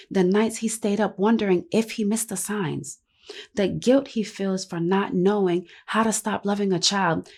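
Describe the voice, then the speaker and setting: A woman narrating scripted commentary in a measured, solemn delivery. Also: medium pitch, a little mellow, breathy edge. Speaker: channel narrator.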